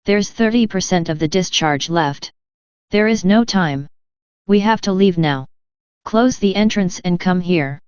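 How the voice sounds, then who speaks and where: A woman reading as a calm, determined woman infiltrator. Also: lowish voice, unhurried, clear, resonant tone, no echo, lightly acted. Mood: urgent. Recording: dull lo-fi sound.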